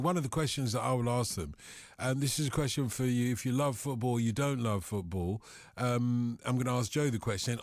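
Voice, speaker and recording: A man's voice: mid-range voice, no echo, clean studio sound. A man hosting a live football show, chatty and playful, teasing his guest with questions. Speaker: host.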